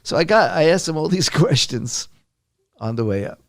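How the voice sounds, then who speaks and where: A man's voice: a little high, lively intonation, moderate pace, no echo, studio quality. An older man, a guest author, telling a long story in a conversation and restarting his sentences often.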